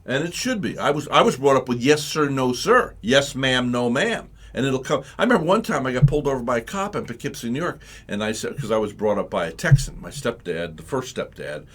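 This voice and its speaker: A man talking on live morning radio in a mid-range voice, rambling through his stories. He acts out the people he quotes, with big swings in how loud and how fast he speaks. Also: mid-range voice, breathy edge. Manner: rambling, animated storytelling with acted-out quotes. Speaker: radio talk show host.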